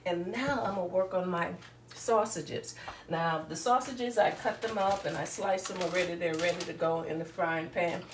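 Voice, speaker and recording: A woman's voice: lowish voice, normal speed, background noise. A woman giving a casual, chatty cooking demonstration and talking straight to viewers in a rambling way. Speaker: home cook. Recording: echoey room, voice from a distance.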